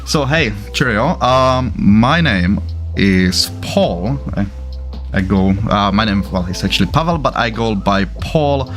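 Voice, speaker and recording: A man from the Czech Republic hosting a casual livestream, chatty and halting, often stopping to correct himself. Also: lowish voice, animated, a bit bright, faint music behind. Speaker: livestream host.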